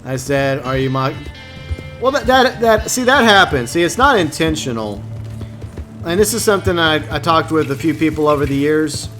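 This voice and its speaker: A man's voice: a little high, animated, normal speed, fairly bright tone, faint music behind. A man streaming an online game, chatting loosely with his viewers in a rambling way, often stopping and restarting his sentences. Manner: rambling, talks to chat with many restarts. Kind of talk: casual gaming stream chat.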